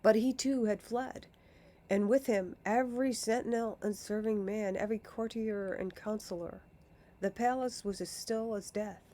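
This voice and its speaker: A woman reading a storybook aloud in a deliberate way, often dropping into a hushed whisper. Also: medium pitch, steady tone. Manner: slow, deliberate, often slipping into a hush. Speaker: narrator.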